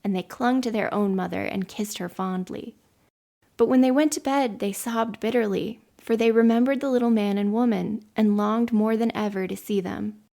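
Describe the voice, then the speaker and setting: Gravelly woman reading a story aloud. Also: medium pitch, fairly even intonation, mellow. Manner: measured storytelling. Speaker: podcast host.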